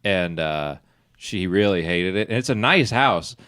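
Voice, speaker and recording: A man's voice: low voice, lively intonation, a little slow, fairly bright tone, dry recording. A male comedian as a podcast guest, laid-back, with short reactions and dry storytelling. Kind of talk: casual podcast chat.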